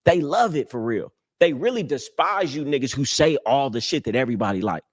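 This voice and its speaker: A man's voice: mid-range voice, expressive, a little fast. A young man hosting a live stream, giving casual dating advice in a brash, boastful, profane street-talk manner. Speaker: livestream host.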